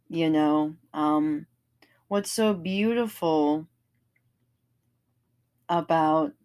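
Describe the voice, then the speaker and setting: A woman's voice: deep voice, darkish tone. A woman vlogging in a casual, rambling monologue, earnest and enthusiastic, often restarting her sentences.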